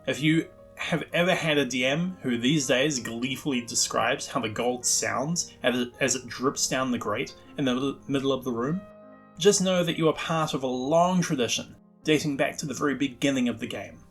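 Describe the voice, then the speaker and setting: A man's voice: medium pitch, normal speed, fairly bright tone, soft background music. Wry male host narrating game lore. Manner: wry, self-deprecating asides. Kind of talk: scripted narration about tabletop game history.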